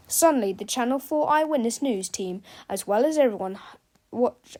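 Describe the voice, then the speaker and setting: A woman reading a children's book aloud with lively, expressive narration. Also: on the high side. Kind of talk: read-aloud storytelling.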